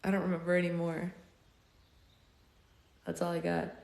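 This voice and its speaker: Hoarse gravelly woman reading aloud and chatting on a live, kinda low voice, roomy echo. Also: monotone, moderate pace, a little mellow. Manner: chatty, rambling, playful. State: hoarse, losing her voice. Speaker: book club livestream host. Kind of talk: reading aloud and casual chat.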